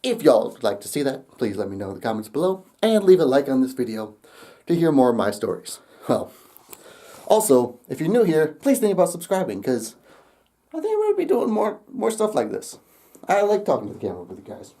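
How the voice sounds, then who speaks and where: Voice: mid-range voice, huge pitch swings, brisk, mellow. A young adult vlogger telling a rambling story straight to camera, laughing often and swearing casually.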